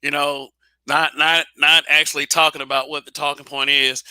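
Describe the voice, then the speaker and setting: A man holds forth alone in a blunt, casual monologue, swearing freely and tripping over restarts. His voice sits a little high and rings very bright, and the recording is dry and close. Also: flat delivery, normal speed, clean tone, no room sound. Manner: blunt, repetitive restarts, profane. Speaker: channel host.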